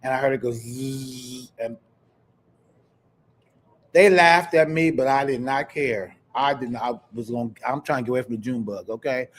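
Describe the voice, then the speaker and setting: A man from Kansas hosting a live podcast, telling stories in an animated, chatty way and talking straight to his viewers. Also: medium pitch, moderate pace, long pauses. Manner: animated storyteller, chatty, addresses viewers directly. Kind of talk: casual live-stream chat.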